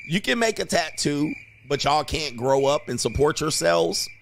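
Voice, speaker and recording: A man hosting a reaction stream, commenting in a brash, mocking way with a steady "all right.". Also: on the high side, moderate pace, creaky, a little hiss or hum. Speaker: host.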